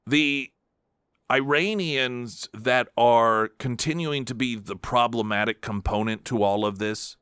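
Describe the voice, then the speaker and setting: A man's voice: mid-range voice, unhurried, a bit bright, smooth, no room sound, clean studio sound. A man hosting a talk radio show, delivering an emphatic, combative political monologue with sarcastic asides.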